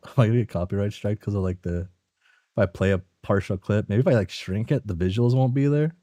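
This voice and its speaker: A man's voice: lowish voice, brisk, dark tone, dry recording. A man reading a webcomic aloud on a stream, musing and swearing freely as he reacts.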